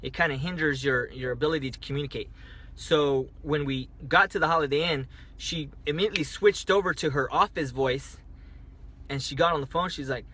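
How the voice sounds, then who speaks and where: A man's voice: fairly high pitch, moderate pace, pushed and bright, slight background noise. A man telling a story on a casual phone livestream, rambling, restarting and repeating himself as he talks. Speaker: livestreaming driver. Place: parked car at night.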